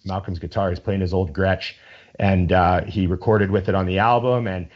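A man with a fairly low voice talks in loose, rambling casual chat. He is enthusiastic and swears freely. The recording sounds dull and lo-fi. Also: steady tone, moderate pace.

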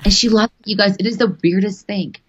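A woman's voice: mid-range voice, steady tone, fast, a bit bright, husky. A young adult woman chatting casually as a podcast guest, laughing often and swearing freely. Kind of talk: casual chat. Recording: dull lo-fi sound.

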